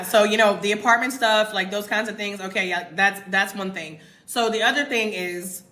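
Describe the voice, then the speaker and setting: An American expat content creator in her twenties or thirties livestreams from her home in Mexico, recorded on a phone. Her medium-pitched voice is bright and forceful as she chats casually and emphatically, speaking directly to her viewers.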